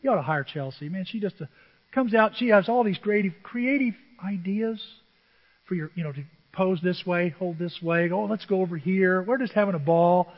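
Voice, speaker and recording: An older male pastor preaches in a church sanctuary at a moderate pace, his high voice swinging dramatically between hushed asides and loud, animated, self-deprecating storytelling. The sound is dull and muffled, echoing through a long, reverberant hall.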